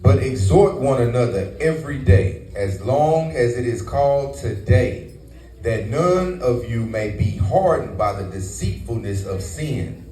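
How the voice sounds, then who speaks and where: A man reading scripture aloud in a measured, steady way during a Bible lesson. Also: medium pitch. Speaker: scripture reader. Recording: echoey room, mic far off.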